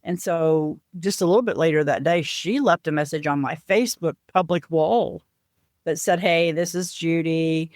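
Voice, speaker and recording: A woman's voice: low-pitched, normal speed, no echo. Earnest woman telling a family story, dry sound. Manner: earnest, animated retelling with lively voiced quotes. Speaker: podcast guest. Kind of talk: personal storytelling in a podcast interview.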